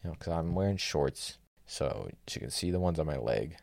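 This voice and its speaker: A young man with a very low voice that has a gravelly rasp running through it. He tells his stories in an exasperated, sardonic tone and swears without hesitation. The sound is close and dry. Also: animated, moderate pace, darkish tone, no room sound. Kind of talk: casual storytelling rant.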